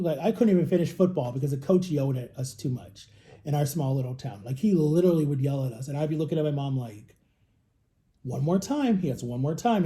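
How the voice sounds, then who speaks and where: Rambling man with a very mellow voice. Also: a little high. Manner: rambling, chatty, lots of fillers. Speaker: vlogger. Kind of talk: casual rambling storytelling.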